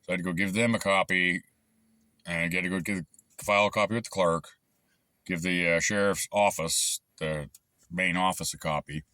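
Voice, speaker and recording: A man's voice: low-pitched, steady tone, normal speed, bright, forceful tone, no echo. A man telling a long, frustrated story in a rambling, casual way with lots of fillers and restarts. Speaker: channel host recounting a dispute.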